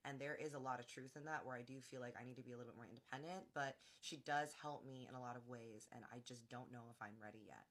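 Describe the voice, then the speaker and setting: A gentle man talks softly and hesitantly, as a woman storyteller quotes him. The voice sits low and hushed. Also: fast talker, hardly any pauses, full character voice.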